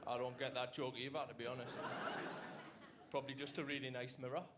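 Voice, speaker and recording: A young man with a Geordie accent doing a rambling, deadpan stand-up comedy set with dialect fillers. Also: medium pitch, brisk, heavy background noise. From Newcastle, England. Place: comedy club stage with a live audience.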